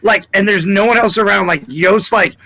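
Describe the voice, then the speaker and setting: High bright guy at a tabletop game, swears a lot, jumps in and out of character. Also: normal speed, gravelly, low-quality recording. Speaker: player. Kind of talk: tabletop role-play banter.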